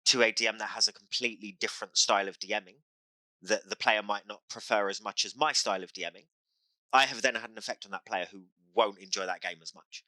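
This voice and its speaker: A man's voice: lowish voice, steady tone, fast talker, pushed and bright, no room sound, rough recording. A man hosting a podcast as a game master, talking in impassioned, emphatic casual chat that repeats phrases for effect.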